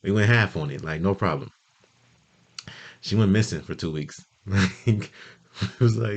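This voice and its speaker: A man's voice: unhurried, long pauses. A man telling stories about his friends in a loose, profane, casual monologue, full of "like" fillers and bursts of energy. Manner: jumps much higher when quoting friends.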